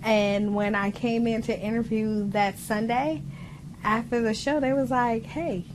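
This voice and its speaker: Woman with a slightly squeaky voice. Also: fairly even intonation, unhurried, background noise. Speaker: podcast co-host. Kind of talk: casual interview talk.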